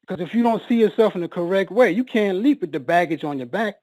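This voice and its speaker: A man's voice: high-pitched, expressive, darkish tone, no echo, low-quality recording. Emotional man telling a personal story. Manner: halting, repeats words, voice rises when reliving panic.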